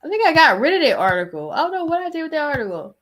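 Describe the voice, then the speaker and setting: A woman's voice: high-pitched, sing-song, very fast, a bit bright, a little hiss or hum. A woman hosting a casual gossip talk show, chatty and rambling as she searches for things while talking. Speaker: podcast host.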